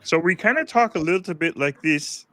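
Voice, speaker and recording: Cartoon bit: raspy, high, quirky character done by a man, animated and playful. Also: moderate pace.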